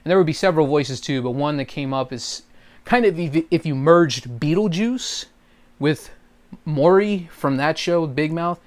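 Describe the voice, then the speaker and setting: Speaking at a moderate pace, his slightly high voice has a mellow touch. The hobby voice actor rambles through a casual vlog about voice acting and impressions, full of fillers and trailing phrases.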